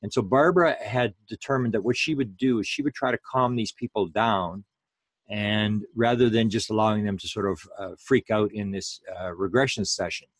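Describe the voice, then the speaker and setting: A man's voice: on the low side, moderate pace, no room sound. A man giving a public lecture in a rambling way, full of fillers and restarts.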